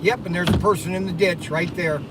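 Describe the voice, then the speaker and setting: High-voiced man muttering while driving. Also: steady tone, a little fast. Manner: exclaiming and muttering to himself, sarcastic. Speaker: livestream host. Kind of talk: rambling live-stream chat while driving. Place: inside a car on the highway. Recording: distant mic with loud road and wind noise.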